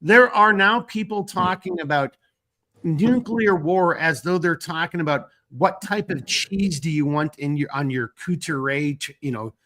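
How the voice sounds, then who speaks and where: A man's voice: a little high, unhurried, pushed and bright. Rambling, swearing podcast host, man. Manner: rambling, swearing, restarts often. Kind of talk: casual late-night chat.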